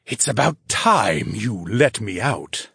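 A tall, arrogant fire spirit man, put on by a male audiobook narrator speaks slowly in a husky voice. His proud tone carries through the dry, close recording. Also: lowish voice, sing-song, fairly bright tone, dry recording, heavily acted. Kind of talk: audiobook character voice.

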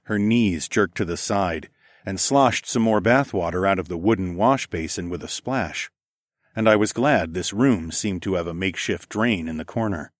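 Deep-voiced man narrating an erotic audiobook. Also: moderate pace, no echo, studio quality.

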